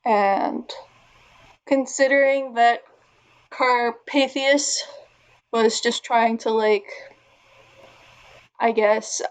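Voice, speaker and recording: Woman player thinking out loud about her turn, slow, kinda high voice. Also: low-quality recording. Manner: thinking aloud, hesitant fillers. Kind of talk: casual tabletop play.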